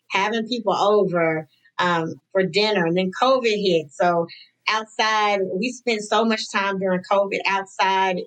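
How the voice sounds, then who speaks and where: A woman in her thirties, a guest on a podcast, talking in a relaxed conversational way and acting out the lines of the people in her stories. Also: mid-range voice, low-quality recording. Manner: animated, acts out quoted dialogue. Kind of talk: casual conversational storytelling.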